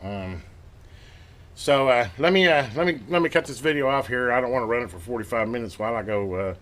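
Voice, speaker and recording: Excited man at his workbench, bright voice. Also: medium pitch, a little fast. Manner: excited, rambling, talks to viewers while working. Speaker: radio repair channel host. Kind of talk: casual hands-on workbench narration.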